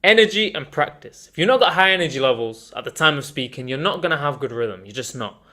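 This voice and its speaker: Energetic man coaching on vocal tonality. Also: a little high, quick pace. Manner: energetic, emphatic, addresses viewers as guys. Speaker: communication coach. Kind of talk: online course lesson.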